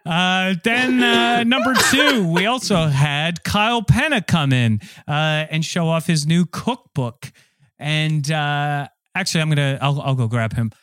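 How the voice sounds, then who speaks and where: Deadpan comedy podcast host, smooth voice. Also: male voice, a little high, measured pace, dry recording. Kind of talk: comedic list segment.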